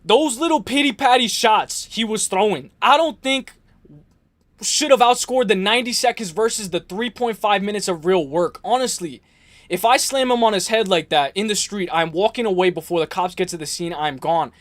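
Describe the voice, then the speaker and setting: A man hosting a live stream, ranting and joking in an excitable, profane way while reading viewer comments. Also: high voice, normal speed.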